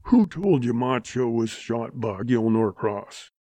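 A man voicing a grumbling, irritable old one-legged rancher with a gruff western drawl. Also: mid-range voice, lively intonation, slow pace, warm tone, dry recording. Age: older.

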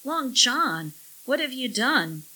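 A woman's voice: big pitch swings, slow pace, pushed and bright, slightly rough, exaggerated voice, low-quality recording. A woman voicing a frightened, tearful young woman pleading in distress. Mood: distraught. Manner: high, pleading.

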